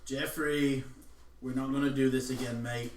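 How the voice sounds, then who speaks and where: A man's voice: medium pitch, little pitch movement, normal speed, slight background noise. A man playing a tabletop game, joking and teasing. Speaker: player. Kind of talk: casual tabletop play. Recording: echoey room, far from mic.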